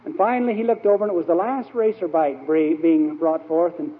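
His voice is on the high side with a steady tone and a slightly fast pace as he tells stories from the pulpit, rambling and using frequent fillers. The church speaker was recorded in an old hall, so it sounds tinny and echoey.

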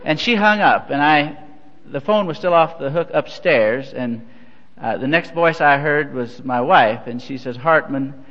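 A man's voice: fairly high pitch, a little slow. Folksy older man. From Missouri. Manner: folksy, self-deprecating storyteller with chuckles. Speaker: church leader. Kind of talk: humorous anecdotal sermon. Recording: dull, echoey hall recording.

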